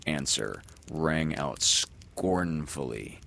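A man reading a children's story aloud in an expressive, lilting storyteller manner. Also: mid-range voice, slow, slight background noise. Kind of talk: storybook read-aloud narration.

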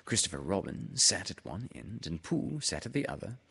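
A man reading a children's storybook aloud, unhurried and expressive. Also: low voice, vocal fry, husky. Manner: slow, expressive read-aloud.

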